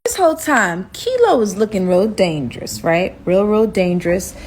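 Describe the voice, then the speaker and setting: A woman recounting a wild date in a relaxed storytime manner. Her delivery is animated and dramatic, leaping upward when she acts out her own reactions. A faint hiss sits under the voice. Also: moderate pace. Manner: animated, dramatic, jumps high when quoting herself. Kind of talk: casual storytime.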